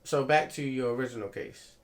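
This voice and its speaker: A man's voice: medium pitch, a little fast. A man interviewing a guest in a casual talk, nudging him along with short questions and stammering starts.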